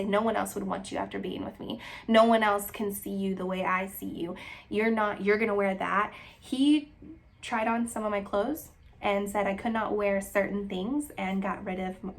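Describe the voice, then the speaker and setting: A woman in her twenties from Texas, telling a personal story in a candid, emotional, rambling way. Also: medium pitch. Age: 20s. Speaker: vlogger.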